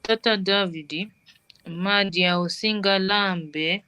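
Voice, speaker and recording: A language student sounding out phrases haltingly, piece by piece. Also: mid-range voice, pushed and bright, smooth, no echo. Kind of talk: practicing phrases in class.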